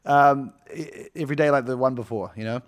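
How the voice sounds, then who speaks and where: A man's voice: medium pitch, a little fast. A man co-hosting a casual podcast, laughing often and acting out quotes. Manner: laughing, animated, acts out quotes. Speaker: podcast co-host. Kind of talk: casual chat.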